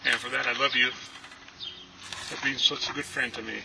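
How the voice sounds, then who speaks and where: A man, a friend and actor, giving a relaxed, heartfelt memorial tribute with many filler pauses. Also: medium pitch, vocal fry. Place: outdoors at a ranch. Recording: steady background noise.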